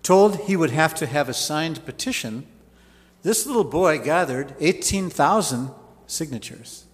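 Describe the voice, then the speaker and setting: A man's voice: on the high side, lively intonation, unhurried, big-room sound. A man preaching a sermon, telling stories with folksy asides. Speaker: pastor.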